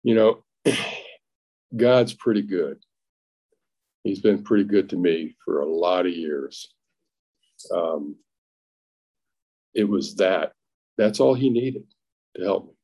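At a recovery meeting, a middle-aged man gives personal testimony in a plainspoken, halting way, frequently restarting and acting out what people said. His very low voice sounds dark and mellow, and he is expressive.

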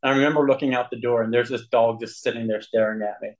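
A man sharing his personal recovery story with a group, earnest and candid, with frequent throat clearing. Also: medium pitch, steady tone, quick pace, low-quality recording.

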